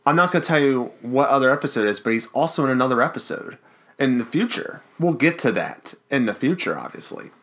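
Excitable, jokey male podcast host. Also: medium pitch, quick pace. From Baltimore area. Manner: jokey, excitable, self-mocking. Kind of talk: casual chat.

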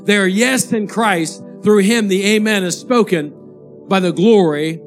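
A man, a pastor, preaching a sermon and telling a story in a lively, animated way. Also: high voice, a little slow, faint music behind. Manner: animated storyteller, rising to excited shouting at the climax.

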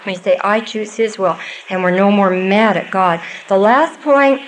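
A woman's voice: mid-range voice, moderate pace, slight background noise, poor audio. An older woman giving a Bible teaching to a live audience, earnest and conversational with small asides.

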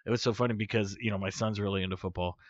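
A man's voice: on the low side, very fast, no room sound. A middle-aged man chatting casually on a podcast, telling a story animatedly and acting out the voices of the people in it. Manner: animated storyteller, acts out quotes loudly. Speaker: podcast co-host. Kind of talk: casual chat. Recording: muffled lo-fi podcast audio.

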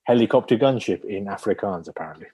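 A man co-hosting a podcast who talks in a dry, wry, playful way. His voice sits somewhat low. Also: animated, quick pace, warm tone. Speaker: podcast co-host guessing film accents. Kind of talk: casual podcast chat.

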